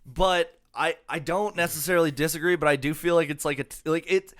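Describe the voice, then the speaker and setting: A man co-hosts a laid-back comedy album review podcast. His voice is bright and crisp. He rambles loosely, full of fillers and casual swearing. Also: fairly high pitch, fairly even intonation, brisk. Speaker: podcast co-host.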